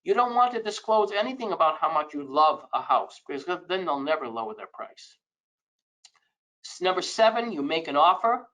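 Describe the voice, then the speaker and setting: A man's voice: fairly high pitch, big pitch swings, moderate pace, fairly bright tone, highs cut off. A man presenting a financial webinar in a conversational lecture style, giving emphatic advice with frequent asides.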